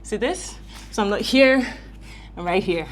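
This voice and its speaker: A home workout coach talks a little slowly in a medium-pitched voice, with slight background noise behind her. Friendly and instructive, she explains proper form while demonstrating the exercises, growing breathless as she goes.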